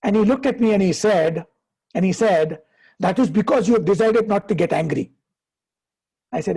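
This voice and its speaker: A man, a happiness coach giving advice and telling stories in a deliberate way, slowing down for emphasis. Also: high-pitched, gravelly, mellow, husky. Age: 50s. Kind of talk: conversational advice, storytelling.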